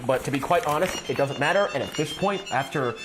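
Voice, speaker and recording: A man's voice: fairly high pitch, animated, a little fast, over music. Playful tipsy man hosting a cooking show. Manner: playful, joking, goofy asides. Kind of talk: casual cooking demo chat.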